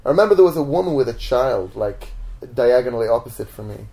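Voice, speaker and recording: A man's voice: medium pitch, fast talker, vocal fry. A man being interviewed as a magician guest at home, telling stories casually and acting out the voices in them. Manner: animated, acts out voices in his stories.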